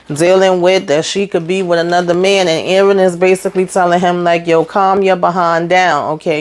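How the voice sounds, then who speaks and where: A woman's voice: fairly low pitch, a little mellow. A woman hosting a casual TV episode recap, chatty and slangy, with opinionated asides. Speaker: TV recap host.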